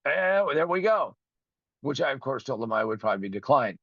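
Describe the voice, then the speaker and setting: A man's voice: medium pitch, sing-song, a little fast, vocal fry, a bit bright, slightly rough, no room sound. A man hosting his own show, ranting with profanity and indignation and acting out both sides of a phone call. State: recovering from a broken finger. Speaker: podcast host. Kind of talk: ranting monologue.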